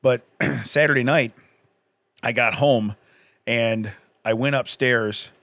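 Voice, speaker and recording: A man's voice: medium pitch, takes it slowly, gravelly, a bit bright, no echo, clean studio sound. A man in his forties co-hosting a podcast, telling a long story in casual chat and laughing often. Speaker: podcast co-host.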